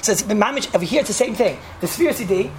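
A man talks quickly through a casual Torah lesson. He rambles and restarts, slipping Hebrew and Yiddish words into his English. Faint background noise sits under his voice. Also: high-pitched, animated. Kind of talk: casual Torah talk with storytelling.

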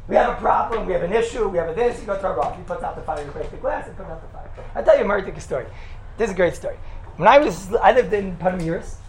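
High-voiced man telling stories in an echoey room. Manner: animated, acts out the quotes in his stories. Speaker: yeshiva teacher. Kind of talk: storytelling talk. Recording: echoey room with faint background noise.

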